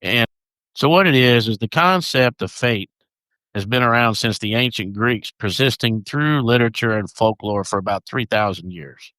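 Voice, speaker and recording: A man's voice: medium pitch, lively intonation, normal speed, sharp tone, no room sound. A man co-hosting a podcast, chatting casually and reading notes aloud, stumbling over names. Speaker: podcast co-host.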